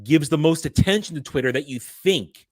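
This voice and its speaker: A man's voice: a little high, moderate pace, no room sound, clean studio sound. A man hosting a casual commentary chat, ranting with lots of restarts. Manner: ranting, animated, frequent restarts. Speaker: host.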